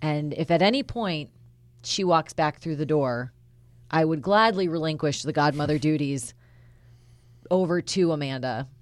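A woman reporter with a low voice recounts a news story in an earnest, conversational way. The sound is dry and close, with no room around her. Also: moderate pace, no echo. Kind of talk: podcast news discussion.

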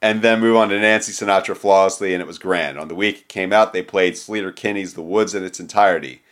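A man's voice: deep voice, fast talker, fairly bright tone. A man co-hosting a casual podcast, talking in a loose, rambling way with casual swearing. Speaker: podcast co-host.

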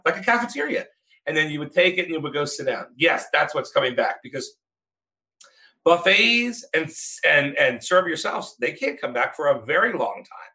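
Bright, emphatic man in casual chat. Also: a little high, poor audio. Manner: joking, emphatic.

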